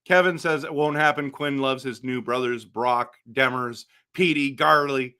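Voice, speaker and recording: A man with a bright, forward voice hosts a relaxed live stream. He answers chat comments one after another, animated and chatty, and often restarts his sentences. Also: mid-range voice, measured pace, clean tone. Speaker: livestream host reading chat.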